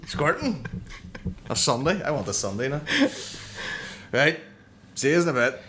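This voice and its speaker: A man's voice: medium pitch, sing-song, a bit bright. A man on a casual comedy podcast, throwing out crude jokes and wisecracks. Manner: joking, crude, quick with wisecracks. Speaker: podcast co-host. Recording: noisy recording.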